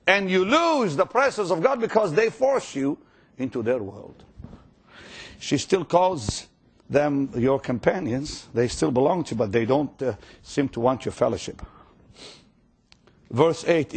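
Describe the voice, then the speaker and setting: A male preacher with a voice that sits a touch high. His delivery is lively and wide-ranging as he preaches emotionally, dropping to near whispers and rising to urgent calls, repeating words when stirred. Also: unhurried, breathy edge. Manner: emotional, dramatic preaching with big swings between loud and hushed; stammering repetitions when stirred. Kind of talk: sermon.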